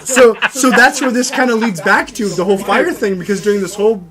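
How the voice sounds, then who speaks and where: A man's voice: high voice, brisk, crowd noise. A man casually telling rambling stories on a podcast, full of "like" fillers, acting out the people in them. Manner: rambling, heavy "like" filler, acts out voices in stories. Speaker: podcast co-host. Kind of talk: casual storytelling chat.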